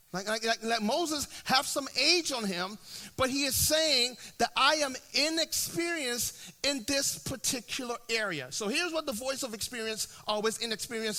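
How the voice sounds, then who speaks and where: High, bright-voiced preacher man. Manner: conversational preaching, often checks in with "right?"; frequent restarts and repeated words. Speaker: pastor. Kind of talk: sermon.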